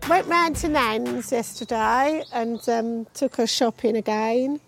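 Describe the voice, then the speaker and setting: A woman's voice: on the high side, takes it slowly, creaky, faint music behind. A middle-aged mother talking to her family, earnest and a little hesitant. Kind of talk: casual chat.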